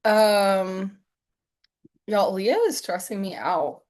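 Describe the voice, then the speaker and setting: A young woman co-hosting a podcast, talking casually with slang and quick reactions. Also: mid-range voice, fairly even intonation, darkish tone. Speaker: podcast co-host. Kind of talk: casual chat.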